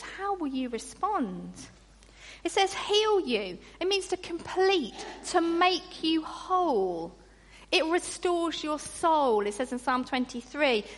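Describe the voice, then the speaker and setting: A woman preaching a sermon in an animated way, acting out grumbling voices. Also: very high voice. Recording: long reverb in a large hall.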